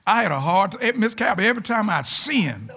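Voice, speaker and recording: A man, a pastor, preaching a folksy, animated sermon to his congregation in church, sometimes rising to shouts. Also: sits high, quick pace, husky. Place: church sanctuary.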